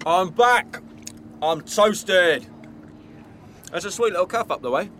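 A man's voice: high voice, lively intonation, slow, a bit bright, a little hiss or hum. A man chatting casually in a studio, chatty and flustered.

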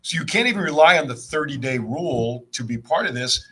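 A man's voice: medium pitch, lively intonation, a little fast, bright, forceful tone, husky. A man co-hosting a podcast, chatting casually about wrestling, laughing often and restarting his sentences. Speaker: podcast co-host.

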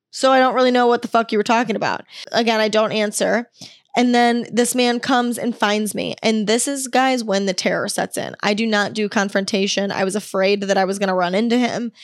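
A woman's voice: fairly high pitch, no room sound, studio quality. A young woman hosting a solo podcast, telling a story in a candid, exasperated way and swearing freely. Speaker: podcast host.

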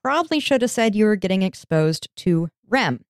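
Smooth-voiced woman telling a story casually. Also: medium pitch, sing-song, normal speed, no echo, studio quality. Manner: chatty, informal, swears casually. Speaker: podcast host.

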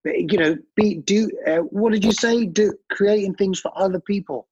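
A man's voice: high voice, normal speed, a little mellow, husky, dry recording. A man hosting a casual chat, musing reflectively and asking for agreement. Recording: dull lo-fi podcast recording.

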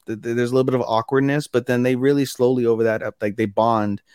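A man's voice: medium pitch, fairly even intonation, fast talker, a little mellow, clean tone, no room sound, studio quality. A man co-hosting a podcast, casually recapping anime episodes in a rambling way, with lots of fillers. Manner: rambling, many fillers, acts out characters' lines. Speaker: podcast co-host.

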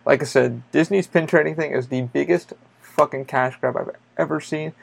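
A man's voice: fairly high pitch, fairly even intonation, normal speed, gravelly, slightly rough. A man hosting a podcast, telling a story in a loose, rambling way, with lots of swearing and filler words. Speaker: podcast host. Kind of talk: casual storytelling monologue.

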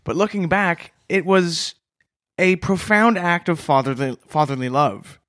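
A man's voice: high voice, a little slow, fairly bright tone, no room sound, studio quality. A man co-hosting a comedy podcast, telling absurd stories with a straight face. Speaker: podcast co-host.

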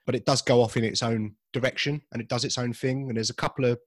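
A man's voice: mid-range voice, fairly even intonation, quick pace, no room sound, studio quality. Jokey man co-hosting a podcast. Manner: jokey, rambling, talks films at length. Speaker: podcast co-host. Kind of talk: casual chat.

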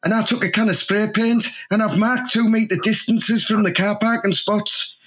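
A man's voice: high-pitched, fairly even intonation, normal speed, background noise. A man with a Teesside accent, bragging in crude comedic banter over a video call and leaning on "you know what I mean". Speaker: comic co-host in character.

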